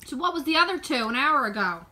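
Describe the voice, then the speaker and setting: A woman's voice: high voice, expressive, quick pace, background noise. A woman bickering with her husband in a family vlog, nagging and teasing him in a dry tone. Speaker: vlogger's wife. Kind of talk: casual family vlog banter. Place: at home and outdoors on the street.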